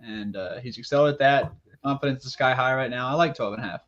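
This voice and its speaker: A man's voice: mid-range voice, fast, fairly bright tone. Man on dull lo-fi audio, hyping bets. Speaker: panelist. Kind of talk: casual sports betting chat.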